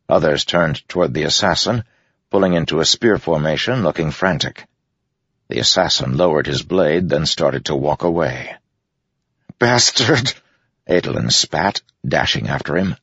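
A man reading a fantasy story aloud in a steady, dramatic way. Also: rumbling low, breathy edge, no room sound, muffled recording. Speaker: audiobook narrator. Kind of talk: scripted fantasy narration.

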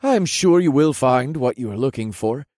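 A man's voice: mid-range voice, lively intonation, normal speed, a little mellow, dry recording, studio quality, pitched above the performer's own voice, close to an everyday voice. A man voicing a cheerful, helpful young lieutenant in an audiobook. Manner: chipper, helpful.

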